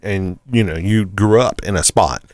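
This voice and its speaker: A man's voice: low voice, normal speed, darkish tone, no echo, studio quality. A man co-hosting a casual podcast chat, easygoing and agreeable, swearing now and then. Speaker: podcast co-host. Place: room near Woodbridge, Virginia.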